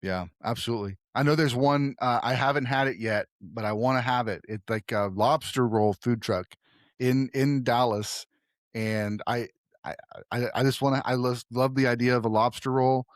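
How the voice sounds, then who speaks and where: A mid-pitched man hosting a movie podcast, loose and rambling, often circling back over his words. The sound is dry and close to the mic. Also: normal speed, dry recording. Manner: rambling, trailing off and restarting often. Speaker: podcast host. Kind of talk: casual podcast chat.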